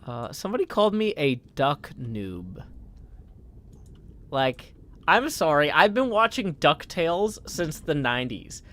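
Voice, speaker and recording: A man in his thirties chatting casually on a live game stream, scattered and quick to mock-indignant outbursts. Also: on the high side, sing-song, pushed and bright, a little hiss or hum.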